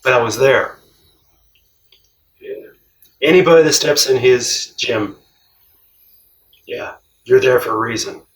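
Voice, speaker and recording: Man, animated storytelling, quotes in voices, distant mic, roomy echo. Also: medium pitch, slow, pauses often. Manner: animated, laughs often, acts out quoted voices. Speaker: cross-country traveller. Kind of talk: casual storytelling.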